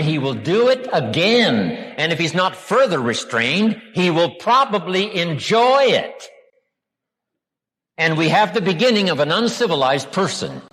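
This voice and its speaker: An older American man with a husky voice lectures at a live seminar, his pitch rising and falling with lively expression. He asks the crowd rhetorical questions and stretches key words slowly for emphasis. The recording carries the long echo of a large hall. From United States. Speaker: motivational speaker.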